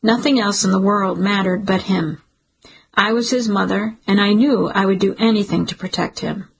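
A woman reading a first-person audiobook in a measured, emotional storytelling manner. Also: mid-range voice, fairly even intonation, vocal fry, slightly rough, rough recording. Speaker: audiobook narrator.

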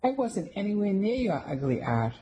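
A rude older woman bites back at an accusation with a clipped, scornful tone, as a woman reader puts her on. She is pitched well above the reader's usual low voice and sounds a little further from the mic. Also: big pitch swings, moderate pace, warm tone, highs cut off, close to an everyday voice. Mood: snappish. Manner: snappish and rude. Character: spiteful older woman soap seller.

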